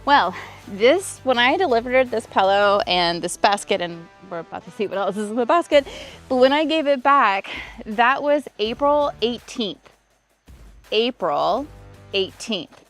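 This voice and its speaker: Woman, relationship coach, personal vlog, animated storytelling, acts out quotes, fairly high voice, faint background music. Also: moderate pace. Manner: animated, acts out quoted exchanges, emphatic lists.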